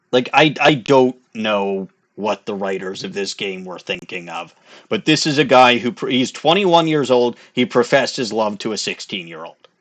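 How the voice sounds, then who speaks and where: A man's voice: medium pitch, a bit bright. A man giving casual, profane gameplay commentary with wry asides. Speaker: let's play host.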